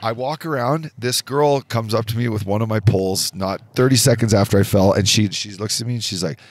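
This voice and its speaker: Male co-host, lower register, dry booth sound, lively profane storyteller. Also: fairly quick, no echo. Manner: animated, profane storytelling with acted-out quotes. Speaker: podcast co-host. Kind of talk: casual storytelling chat. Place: indoor studio.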